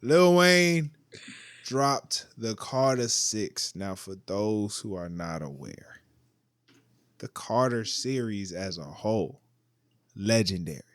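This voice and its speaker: A man's voice: fairly low pitch, expressive, takes it slowly, no echo. A man hosting a podcast, reviewing music in loose, slangy casual chat and restarting his sentences often. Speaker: podcast host.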